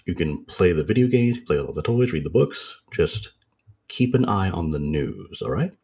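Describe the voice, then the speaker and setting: A man voicing a calm, friendly but sinister male psychologist in a retold story, in a soft, casually reassuring way. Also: sits low, normal speed, vocal fry, breathy edge, full character voice.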